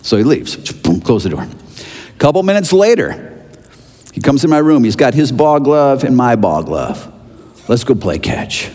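Middle-aged preacher in an echoing hall. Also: male voice, mid-range voice, sing-song, normal speed, darkish tone. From Chicago, USA. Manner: conversational storytelling with fillers. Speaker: pastor. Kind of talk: sermon. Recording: long reverb of a large hall.

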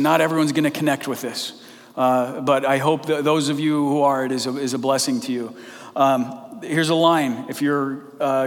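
A man preaching a sermon as pastor, earnest and conversational, moving between quick asides and slow, drawn-out emphasis. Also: on the high side. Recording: long hall reverb.

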